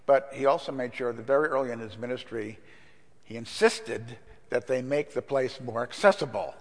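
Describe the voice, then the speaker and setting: Older pastor preaching in a reverberant church. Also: male voice, medium pitch, moderate pace. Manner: conversational, anecdotal, with fillers. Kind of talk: sermon. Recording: long reverb in a church hall.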